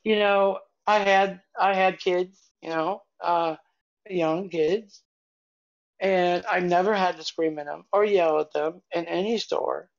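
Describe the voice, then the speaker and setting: Gravelly-voiced older woman telling stories. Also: on the low side, steady tone, takes it slowly, highs cut off. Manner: chatty, meandering, with frequent restarts. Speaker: podcast co-host. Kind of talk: casual storytelling chat.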